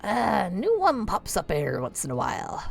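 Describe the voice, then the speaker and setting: Streamer doing a curt old sea dog captain, gravelly, lively rise and fall, salty slang. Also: female voice, medium pitch, moderate pace, soft background music, exaggerated voice. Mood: gruff, guarded. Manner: salty sailor slang, drawling.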